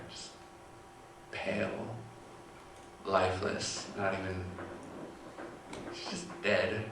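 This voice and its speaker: A young man telling a personal story in a halting, quiet way with long pauses. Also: low voice, creaky, a little hiss or hum. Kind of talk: personal testimony. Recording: echoey room from far off.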